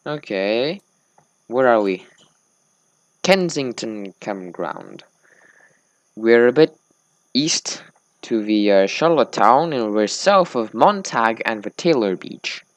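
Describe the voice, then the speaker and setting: A man's voice: mid-range voice, animated, slow pace, long pauses, dry recording. Sleepy, rambling man. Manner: rambling small talk, slurred words. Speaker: gaming let's-play host. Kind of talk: casual gameplay commentary.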